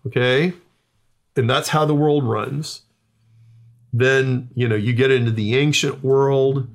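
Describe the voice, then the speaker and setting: Gravelly man, mid-pitched, emphatic casual explainer who keeps asking "okay?".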